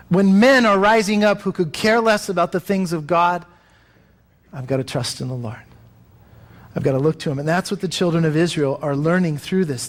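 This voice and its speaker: A man preaching a sermon in a conversational way, acting out the voices of the people he quotes. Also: fairly high pitch. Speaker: pastor.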